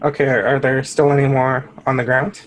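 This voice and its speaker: A man playing a cleric in a tabletop game, speaking in a dry, deliberate way. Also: mid-range voice, flat delivery, low-quality recording. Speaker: player. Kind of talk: tabletop role-play chat.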